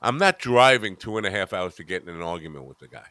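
A man hosting a casual podcast chat, telling blunt, profane stories in a gruff, offhand way. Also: sits low, lively intonation, quick pace, bright, forceful tone, no room sound. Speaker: podcast host.

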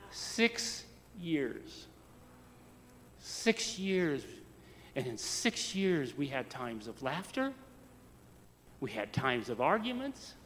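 A man from the United States preaching a storytelling sermon, swinging from soft to loud. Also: medium pitch, long reverb tail, slight background noise. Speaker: pastor.

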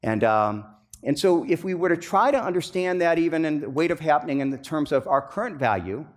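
A man's voice: a little high, animated, fairly quick. A man preaching a sermon as pastor, talking conversationally with frequent restarts and fillers, then rising into emphatic bursts.

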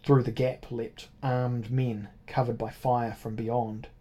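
A man narrating a first-person adventure novel in a measured way. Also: medium pitch, level tone, warm tone. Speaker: audiobook narrator. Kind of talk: scripted narration.

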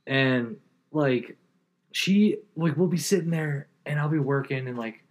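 A man's voice: on the high side, a little slow. A man in his thirties, a podcast co-host in casual chat, rambling through stories with lots of fillers and swearing.

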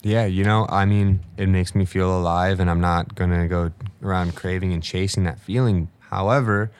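A man's voice: low voice, steady tone, normal speed, clear, resonant tone. A man in his late twenties talking casually and reflectively, telling stories with many fillers. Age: late 20s. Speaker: guest. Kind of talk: casual conversation.

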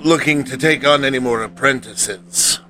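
Brief: man playing a formal, evasive townsman in a tabletop game, bright tone, stammers. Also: medium pitch, moderate pace, faint music behind, close to an everyday voice. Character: hesitant, formal townsman who dodges questions.

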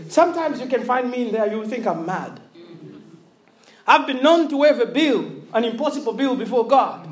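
High-pitched, lively African woman preacher, echoey church sound. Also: normal speed. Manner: animated, laughing, calls out to the congregation. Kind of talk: sermon.

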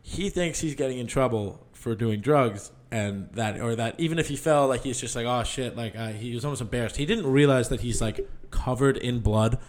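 A man's voice: medium pitch, normal speed, hardly any pauses, darkish tone. A man telling a dramatic personal story in casual chat, rambling with lots of "like" and restarts, emotional enough to get choked up. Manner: rambling, heavy use of "like", restarts often.

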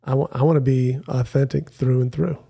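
A man guests on a podcast in a studio, wearing studio headphones and speaking into a mic, upbeat and joking while quoting others in casual chat. He speaks a little fast, his medium-pitched voice steady, gravelly, warm and husky.

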